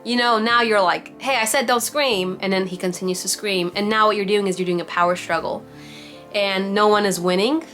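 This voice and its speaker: Young mom on a video call, mid-pitch, talks through toddler tips in a loose, chatty way, soft music behind. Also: female voice, fairly even intonation, fairly quick. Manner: chatty, lots of "like" and "you know", warm mom-to-mom advice. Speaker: mom giving parenting advice to a support group. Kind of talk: casual advice talk on a video call. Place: home, on a virtual meeting. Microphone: computer mic on a video call.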